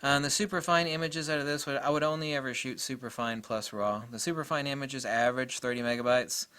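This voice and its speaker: Bright-voiced man gushing over gear. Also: mid-range voice, steady tone, brisk, clean tone. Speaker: camera reviewer. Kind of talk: enthusiastic casual gear review.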